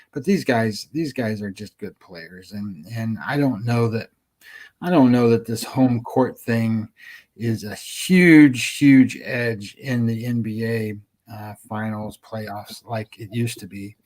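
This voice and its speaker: A man's voice: medium pitch, a little mellow. A man co-hosting a sports betting show, chatting casually and rambling with many ums and restarts.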